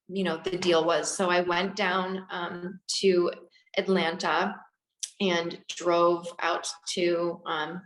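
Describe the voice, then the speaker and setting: A woman dentist in her forties telling a long story in an interview, animated, laughing, acting out the people she quotes. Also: fairly low pitch, roomy sound, low-quality recording. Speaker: dentist guest.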